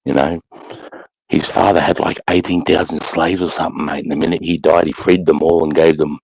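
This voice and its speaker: Very deep gravelly man, casual chat. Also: level tone, fairly quick, a little mellow, dry recording. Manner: swearing, rambling storyteller. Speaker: podcast host. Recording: dull dry sound.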